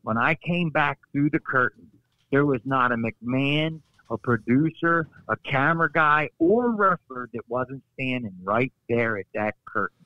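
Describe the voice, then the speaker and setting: A middle-aged man, a former wrestler appearing as a podcast guest, tells stories casually in a lively, folksy way full of asides. His voice is medium in pitch and a little slow. The remote audio is dry with no room sound and slightly dull.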